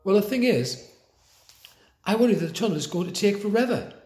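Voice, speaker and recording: A man's voice: high-pitched, animated, brisk, darkish tone, voice pushed up. A man voicing a worried, polite young boy who speaks hesitantly. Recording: roomy echo.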